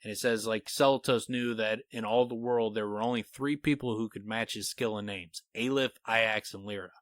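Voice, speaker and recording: A podcast co-host with a fairly low male voice talks at a moderate pace in a clean, echo-free recording. He eagerly lays out a fantasy book theory in casual conversation, staying animated and reading quotes aloud.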